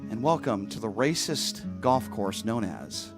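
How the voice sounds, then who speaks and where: A man putting on an impression of a stiff golf broadcaster, speaking slowly and softly in a mock reverent tone, with faint music behind. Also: fairly low pitch, expressive. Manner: slow, soft, reverent announcer delivery.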